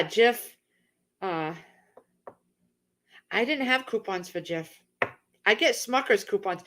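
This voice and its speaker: A talkative woman with a slightly raised voice runs a relaxed livestream from her house. She rambles from one thing to the next and calls out hello to viewers by name. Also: fairly high pitch. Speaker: livestream host. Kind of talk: casual livestream chat. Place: at home.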